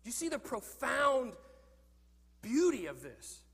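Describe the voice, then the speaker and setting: A man preaching a sermon in an earnest, animated way, often repeating words as he thinks. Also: very high-pitched, a little slow, breathy edge, big-room sound.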